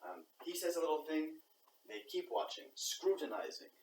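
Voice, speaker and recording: A man's voice: fairly high pitch, animated, normal speed, gravelly. A man talking through his ideas aloud in a rambling reflective monologue, breaking into little voices for the reactions he describes. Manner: thinking aloud, acts out quoted reactions. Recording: roomy echo, far from the mic, faint background noise.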